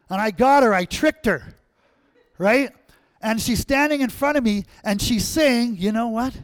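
A man's voice: high voice, no echo. A man preaching a sermon as pastor, conversational, checking in with "right?" and "amen?".

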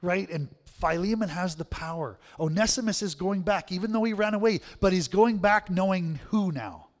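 A man's voice: a little high, big-room sound. A man preaching a sermon in a conversational way, often checking in with the room with "right?".

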